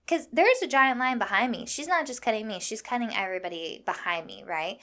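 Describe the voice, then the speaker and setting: A young woman from Iowa hosting a podcast, telling a story in a fired-up, profane, animated way. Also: fairly high pitch, normal speed, few pauses. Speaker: podcast host. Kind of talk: casual storytelling monologue.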